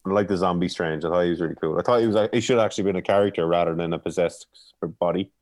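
Fast-talking man, low voice, eager film talk. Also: darkish tone. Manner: enthusiastic, repeats "you know what I mean", laughs often. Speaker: podcast co-host reviewing films. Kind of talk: casual chat.

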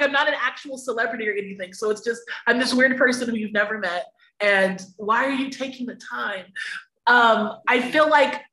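A woman's voice: a little high, bright, forceful tone, roomy sound, poor audio. A woman guest on a podcast, talking candidly and emphatically, laughing often and swearing freely. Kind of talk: candid conversational interview.

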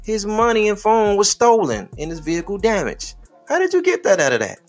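A man's voice: high voice, wildly swooping pitch, fairly quick, soft background music. Preachy male podcast host. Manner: preachy, rhetorical questions, addresses listeners as beloved. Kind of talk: casual commentary.

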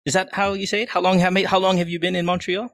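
Guy hosting a call-in podcast, bright forceful voice, swears a lot, jokes around. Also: sits high, flat delivery, fast. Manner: profane, joking, switches between English and Tagalog. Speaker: podcast host. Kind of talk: casual chat taking calls.

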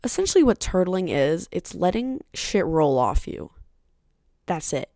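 A young woman hosts her own podcast in a loose, chatty monologue, speaking bluntly and swearing freely. Her voice sits low and mellow, with a gravelly edge. The sound is dry and close, with no room echo. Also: animated, slow pace. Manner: candid and blunt, with frequent swearing; chatty and rambling, with side remarks. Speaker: podcast host.

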